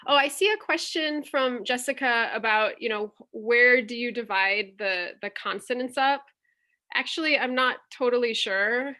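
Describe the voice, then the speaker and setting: On a video call picked up by her computer mic, a teacher leads a workshop in an online teaching demonstration. Her voice is fairly high, bright and forceful at a moderate pace, and she patiently explains, sounding out vowels one step at a time.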